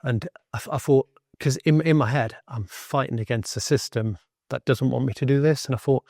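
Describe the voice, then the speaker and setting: A middle-aged man, a former Royal Marine, candidly recounting his experiences in a blunt, animated way. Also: medium pitch, normal speed, vocal fry, no room sound, clean studio sound. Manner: blunt, animated, swears freely. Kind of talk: candid personal storytelling.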